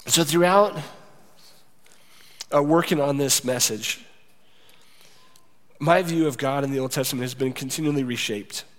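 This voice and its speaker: A man preaching a sermon and leading a quiet, earnest, confessional prayer in a church. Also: medium pitch, a little slow, pauses often. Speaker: pastor. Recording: reverberant hall.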